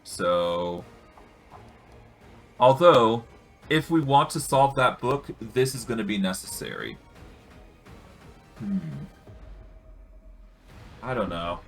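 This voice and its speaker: A man's voice: medium pitch, very animated, slow, pauses often, soft background music. A man streaming a video game, musing and joking casually as he decides his moves. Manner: musing, jokey. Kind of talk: casual gameplay commentary.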